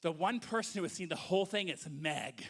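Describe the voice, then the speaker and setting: A man telling a comic story live on stage to an audience, animated and acting out voices. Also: high voice, a little fast, husky.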